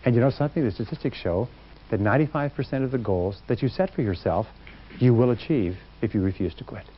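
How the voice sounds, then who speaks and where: A man's voice: medium pitch, quick pace, slight background noise. Male motivational speaker, emphatic seminar delivery, mid-range voice, dull lo-fi recording. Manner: emphatic, acts out quotes. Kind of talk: seminar talk to a live audience.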